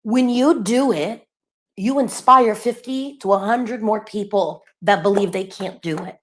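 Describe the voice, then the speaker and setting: A middle-aged woman hosting a live-streamed spiritual message, animated and rambling, laughing often. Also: mid-range voice, unhurried. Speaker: spiritual channeler and course host.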